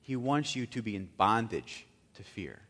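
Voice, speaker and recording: A man preaching a sermon, telling a story dramatically and swinging from loud bursts to hushed asides. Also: on the low side, sing-song, moderate pace. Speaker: pastor. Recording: long hall reverb.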